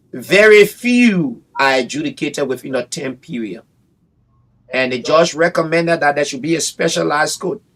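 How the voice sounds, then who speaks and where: A man speaks as a guest on a radio breakfast show. His voice sits fairly high, and he talks with emphasis, going back over his phrases. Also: a bit bright. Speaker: bar association representative. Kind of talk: radio interview. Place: radio studio.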